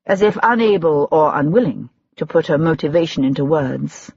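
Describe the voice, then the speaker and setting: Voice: medium pitch, animated, moderate pace, vocal fry, a little mellow, breathy edge, no room sound. An audiobook narrator reading a period mystery in scripted narration. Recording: dull lo-fi audiobook recording.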